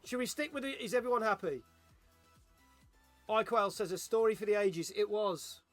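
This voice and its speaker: A man's voice: high-pitched, moderate pace, no echo, soft background music. A man hosting a live game stream, joking and chatting with viewers as he reads out their messages. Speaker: streamer host. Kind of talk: casual live-stream chat.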